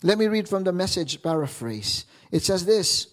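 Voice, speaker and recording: A man's voice: high voice, big pitch swings, moderate pace, hardly any pauses. A man pastor preaching a sermon, often stopping to repeat words as he searches for the next thought.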